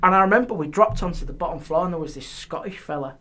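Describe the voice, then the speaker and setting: A man, a guest on a podcast, telling ghost stories in a lively way and dropping his voice on eerie details. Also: fairly high pitch, quick pace. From England. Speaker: guest, paranormal historian. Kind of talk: casual storytelling. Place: podcast studio.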